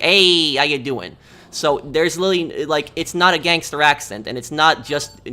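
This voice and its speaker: A man's voice: a little high, pushed and bright. A man streaming a game, talking casually in a rambling rant full of fillers. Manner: rambling, filler-heavy ranting. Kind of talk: casual livestream chat.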